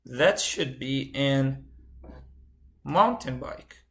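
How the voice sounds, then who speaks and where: A man's voice: medium pitch, expressive, drawn-out words, gravelly, a bit bright, slight background noise. A man instructor giving a live coding lecture, repeating key phrases and asking the class questions. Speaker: computer science instructor.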